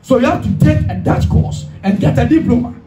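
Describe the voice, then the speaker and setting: A man's voice: extremely high pitch, lively intonation, fairly quick, warm tone. A man preaching a sermon as pastor, emphatic and calling the congregation to repeat after him. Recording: echoey hall, distant mic, music behind.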